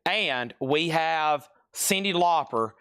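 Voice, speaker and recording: A man's voice: fairly high pitch, animated, takes it slowly, fairly bright tone, clean tone. A man hosting a live vinyl sale stream from a record shop, reading off titles and prices and exclaiming at rare finds. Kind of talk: live-stream sales patter.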